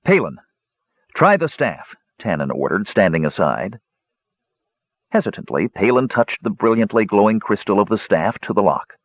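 Male audiobook narrator, husky and lively delivery, dry lo-fi sound. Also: on the low side, moderate pace, no room sound. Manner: expressive storytelling. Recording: dull lo-fi recording.

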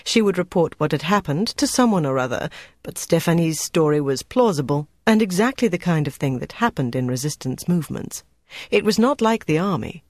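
A man narrating an audiobook in a steady, even storytelling manner. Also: on the high side, brisk, no room sound. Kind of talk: scripted narration.

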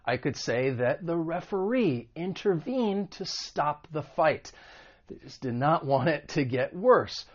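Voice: medium pitch, lo-fi sound. An American English teacher from the United States, patiently explaining word meanings and modelling pronunciation. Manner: clear, patient explaining with demonstrations. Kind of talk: vocabulary and pronunciation lesson.

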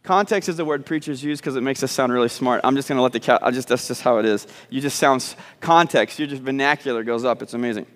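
A pastor preaching a sermon, emphatic and repetitive, with joking asides to the congregation. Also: male voice, mid-range voice, quick pace, few pauses. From Southern United States (Arkansas, Texas). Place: church sanctuary. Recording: long church reverb.

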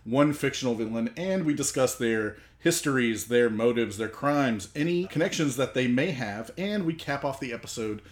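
A man's voice: medium pitch, animated, moderate pace, hardly any pauses. Man explaining on a podcast. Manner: correcting, explains the show's format plainly. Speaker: podcast co-host. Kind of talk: casual chat.

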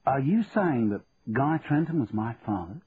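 A man's voice: medium pitch, sing-song, moderate pace, voice pushed up, close to an everyday voice. A man voicing a bewildered young woman. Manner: questioning, bewildered. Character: young woman, puzzled but composed. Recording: tinny narrow band, faint hiss.

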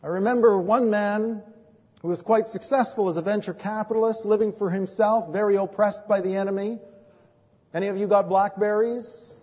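A man preaching as a pastor, telling stories from his ministry and moving between hushed and emphatic delivery. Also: high-pitched, steady tone, moderate pace. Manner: storytelling, swings from hushed to emphatic. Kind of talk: sermon with personal testimony. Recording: dull recording in a reverberant hall.

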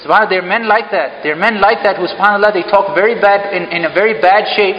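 A man's voice: high-pitched, quick pace. A man giving an interactive religious talk in a mosque, asking the audience questions and joking lightly. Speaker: mosque speaker. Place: mosque hall. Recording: echoey hall, dull lo-fi sound.

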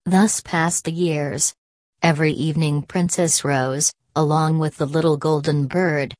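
A woman narrating a fairy tale in a calm, measured storytelling voice. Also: low voice, no echo.

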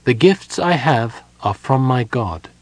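A man voicing a calm, devout young woman prisoner who speaks softly but firmly. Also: medium pitch, slow, no echo, pitched above the performer's own voice. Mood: serene.

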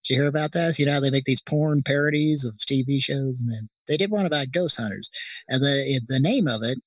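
A man hosting a comedy show who rambles and stalls, calling the listeners folks. His voice is mid-pitched. The sound is dry and set a little back from the mic. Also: brisk, breathy edge, no room sound, far from the mic. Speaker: show host.

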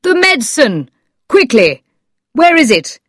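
A woman's voice: high-pitched, animated, takes it slowly, no echo, clean studio sound, pitched above the performer's own voice. A woman voicing an anxious doctor, asking questions and giving urgent orders in a read-aloud story.

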